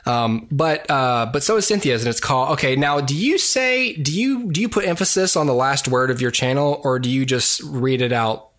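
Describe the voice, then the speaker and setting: A man's voice: medium pitch, normal speed, hardly any pauses, a bit bright. A man in his thirties co-hosting a movie podcast, chatting casually and self-deprecatingly, with lots of restarts. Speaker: podcast co-host. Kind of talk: casual chat.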